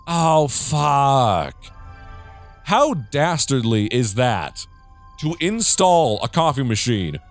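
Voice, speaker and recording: A young man narrating his play of a horror game, jumpy and jokey, swearing often and talking to himself. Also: mid-range voice. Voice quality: jittery, jokey, swears a lot. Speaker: gaming streamer.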